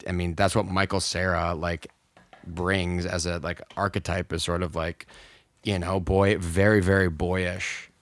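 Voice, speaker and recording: A deep-voiced man chatting on a podcast, his talk tumbling out in quick, animated bursts full of fillers and restarts. The sound is close and dry, with no room around it. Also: no room sound. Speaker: podcast co-host. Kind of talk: casual movie discussion.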